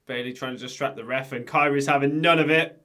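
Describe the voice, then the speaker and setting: A man co-hosting a casual podcast, quick with a tease and quick to laugh. His voice sits at an ordinary middle pitch, and he talks in a relaxed, chatty way. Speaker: podcast co-host. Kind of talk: casual chat about wrestling.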